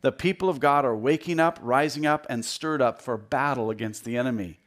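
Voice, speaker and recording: A man in his fifties giving a conversational sermon as a guest speaker in a church, joking and repeating words and getting louder to stress a point. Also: mid-range voice, a little fast. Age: 50s. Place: church sanctuary.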